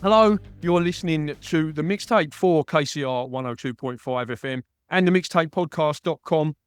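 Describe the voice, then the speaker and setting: Smooth East London radio host. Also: male voice, fairly high pitch, normal speed, dry recording, faint music behind. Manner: chatty, says mate often. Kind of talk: radio interview.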